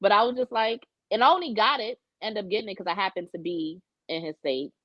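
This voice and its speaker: This young woman talks fast at medium pitch while co-hosting a podcast, candidly sharing dating stories and swearing freely in casual chat. The recording has no room sound and a dull lo-fi tone.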